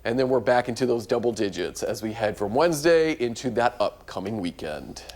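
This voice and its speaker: A man's voice: medium pitch, expressive, a little fast, darkish tone. A man presenting the TV weather forecast, explaining the maps in a conversational way.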